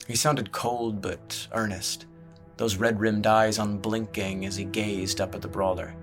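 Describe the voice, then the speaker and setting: A man narrating a fantasy story in a steady, measured way. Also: fairly low pitch, soft background music. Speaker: audiobook narrator.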